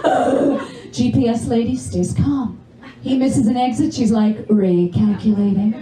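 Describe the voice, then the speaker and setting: Brash stand-up woman, roomy club, loud crowd. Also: sits high, recorded from a distance. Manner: brash, punchy delivery with mock GPS voice. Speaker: stand-up comedian. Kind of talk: stand-up comedy routine. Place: comedy club stage.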